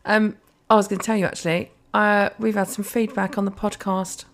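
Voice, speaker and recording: A woman's voice: medium pitch, flat delivery, brisk. A woman co-hosting a podcast, ranting in a casual, sweary way and slipping into mock quotes of other people. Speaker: podcast co-host. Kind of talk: casual chat.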